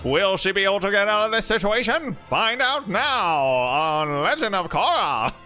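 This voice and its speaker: A man's voice: sing-song, normal speed, pushed and bright, faint music behind, full character voice. A man imitating a dramatic old-time radio announcer's voice. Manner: booming, dramatic announcer delivery.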